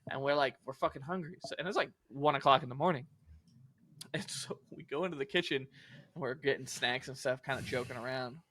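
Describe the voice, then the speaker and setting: A man's voice: medium pitch, brisk, pushed and bright. A young man casually telling a long story on a podcast, rambling and swearing with lots of filler words. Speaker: podcast co-host.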